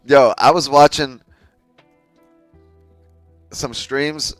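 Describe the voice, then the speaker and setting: A man's voice: medium pitch, fairly even intonation, very slow, no room sound, soft background music. A man hosting a live day-trading stream, chatting casually with his viewers, laughing often and swearing freely. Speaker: day-trading livestream host.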